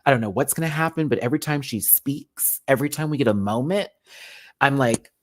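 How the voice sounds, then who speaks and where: A man's voice: mid-range voice, a little fast. A man hosting a live review stream, talking casually and sassily, swearing a lot, slipping into campy impressions and reading out viewer chat. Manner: sassy, animated, swears often, slips into campy impressions; reads out and answers viewer chat.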